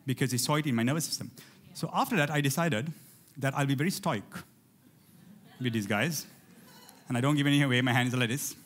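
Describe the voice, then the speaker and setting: A man preaching a lively sermon in church, calling out to his congregation and urging them to respond. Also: medium pitch, quick pace, pauses often. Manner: animated, rallies the congregation with call-outs. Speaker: pastor.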